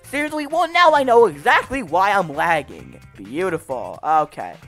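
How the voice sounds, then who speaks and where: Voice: mid-range voice, big pitch swings, unhurried, a bit bright, faint music behind. A gaming channel host giving gameplay commentary, frustrated and swearing, with raging outbursts.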